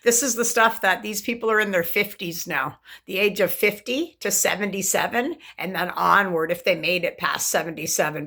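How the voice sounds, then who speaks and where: A woman's voice: medium pitch, bright, forceful tone. A woman talks to camera in a long, rambling monologue, intense and swearing freely as she jumps from topic to topic. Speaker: vlogger.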